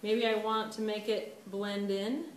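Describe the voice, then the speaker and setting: Unhurried and medium-pitched, a woman art teacher demonstrates clay work for a class in a chatty way, laughing often and at her own expense. A far-off camera mic records her in a roomy space, with echo and constant background noise.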